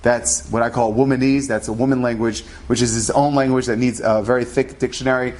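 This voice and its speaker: A man's voice: medium pitch, fairly even intonation, fairly quick, darkish tone. Man telling a story casually. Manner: conversational, acts out quoted dialogue.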